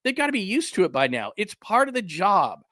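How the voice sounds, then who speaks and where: High, bright-voiced ranting sports host. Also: male voice, wildly swooping pitch, brisk, dry recording, studio quality. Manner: heated, sarcastic ranting with mocking put-on quotes. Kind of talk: ranting sports talk show.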